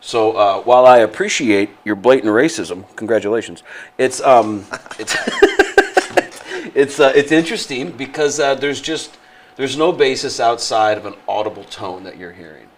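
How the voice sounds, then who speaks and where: A man's voice: mid-range voice, sing-song, unhurried, slight background noise. A man co-hosting a radio show, chatting in a sarcastic, rambling way and laughing often. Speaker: radio co-host. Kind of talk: casual studio banter.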